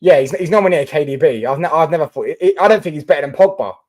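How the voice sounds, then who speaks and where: A man's voice: fairly high pitch, rapid-fire, a little mellow. A young man live-streaming about football, chatting casually and answering viewer comments with lots of fillers and restarts.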